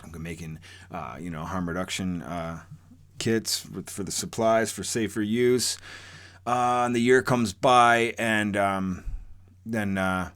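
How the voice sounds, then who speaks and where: A man's voice: on the low side, fairly even intonation, slow pace, fairly bright tone, clean tone. A man telling a true story from his own life in a casual, rambling, profane way, full of fillers and restarts.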